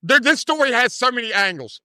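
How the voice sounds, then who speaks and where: A man's voice: very high-pitched, expressive, brisk, pushed and bright, dry recording, clean studio sound. A man, hosting a podcast and rambling through a story in casual chat, full of "dude" and "like.". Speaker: podcast host.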